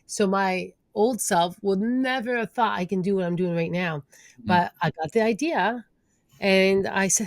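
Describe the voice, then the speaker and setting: A woman guest on a podcast who speaks with an accent, expressive and lively, acting out the voices in her head. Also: mid-range voice, normal speed, dry recording. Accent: non-native accent. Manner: expressive, acts out inner voices. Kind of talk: casual podcast conversation.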